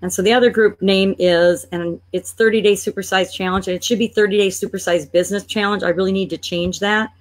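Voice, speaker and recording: A woman of ordinary pitch talks through a screen-share tutorial in a chatty, thinking-aloud way. She sounds playfully exasperated with a sluggish computer as she clicks along. She comes across as a business coach showing a step-by-step process. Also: steady tone, brisk, hardly any pauses.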